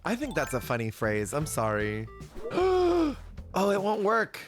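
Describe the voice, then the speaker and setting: A man's voice: high voice, huge pitch swings, unhurried. A man streaming a cozy game, chatting casually, answering his chat and laughing often. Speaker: Twitch streamer. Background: game music.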